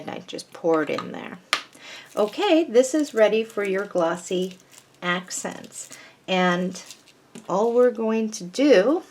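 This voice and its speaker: A woman's voice: mid-range voice, gravelly. A woman hosting a craft tutorial, patiently talking through each step of a paper flower project as she works.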